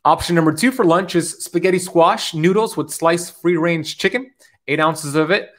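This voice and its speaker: A man's voice: fairly high pitch, moderate pace. Upbeat man giving motivational keto advice. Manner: upbeat, preachy, repeats "okay?". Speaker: keto diet coach. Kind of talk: motivational talk to camera.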